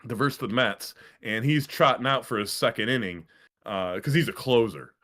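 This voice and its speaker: A man co-hosting a casual podcast, telling a long story in a rambling, profane, animated way. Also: medium pitch, normal speed. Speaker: podcast co-host. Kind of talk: casual sports podcast chat.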